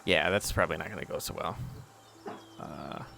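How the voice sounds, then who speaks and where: Gravelly, grumpy man at a game table. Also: low voice, moderate pace, pushed and bright. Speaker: tabletop player.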